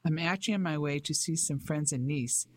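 A man's voice: fairly high pitch, fairly quick, no echo, lightly acted. An audiobook narrator voicing a genial young Englishman who talks in a cheerful, clipped way.

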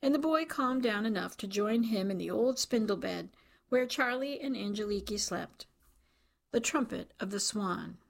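Female volunteer reader, measured delivery with a touch of vocal fry. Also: medium pitch. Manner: calm, measured reading with voiced dialogue. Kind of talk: audiobook reading for radio.

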